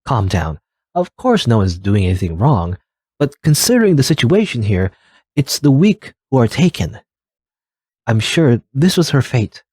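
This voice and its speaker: A man voicing a calm village elder who soothes and reasons with a grieving parent in a video game read-through. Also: mid-range voice, unhurried, breathy edge, dry recording, clean studio sound. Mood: soothing.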